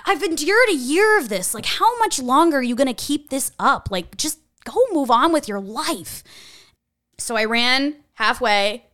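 A young woman tells a personal story in a casual, animated voice. She leans on "like" and swears freely. Her voice is smooth and clean, recorded dry with no room sound. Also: fairly high pitch, dry recording. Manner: animated, chatty, swears freely, says "like" often.

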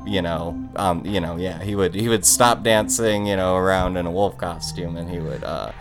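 A man's voice: low-pitched, moderate pace, over music. A man co-hosting a podcast in casual comedic banter, rambling with hesitant fillers and laughing often. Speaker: podcast co-host.

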